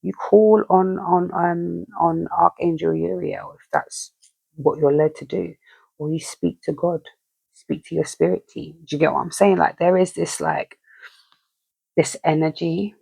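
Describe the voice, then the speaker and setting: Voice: mid-range voice, fairly even intonation, unhurried, gravelly, darkish tone, husky, dry recording. A speaker giving a casual, rambling spiritual message, often checking in with the listener. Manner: rambling, chatty, keeps asking "you know what I mean". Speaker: spiritual reader.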